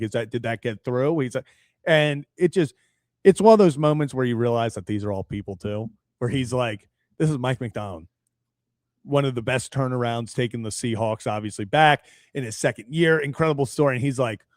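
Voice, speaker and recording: A man's voice: medium pitch, no room sound, studio quality. A man co-hosting a sports talk show, chatting casually and acting out what others said. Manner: animated, acts out quotes with laughs.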